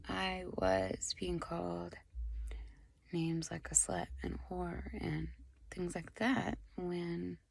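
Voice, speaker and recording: A tearful young woman gives a personal testimony in a slow, halting voice. Her tone is low, gravelly and husky, and it often sinks to a near whisper as she fights back tears. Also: lively intonation. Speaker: vlogger sharing a personal testimony. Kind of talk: emotional personal testimony to camera.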